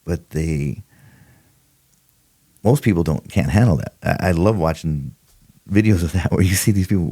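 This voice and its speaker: Older guy, deep gravelly voice, swings up and down a lot, laughs while he tells old cop stories. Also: moderate pace, long pauses. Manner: animated, acts out quotes, laughs often. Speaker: retired homicide detective, podcast guest. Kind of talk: casual storytelling interview.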